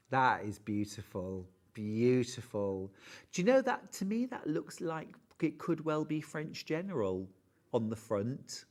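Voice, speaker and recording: A man's voice: medium pitch, a bit bright. A man presenting fabrics on a live sewing shopping show, chatty and enthusiastic, gushing over every print. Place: television studio.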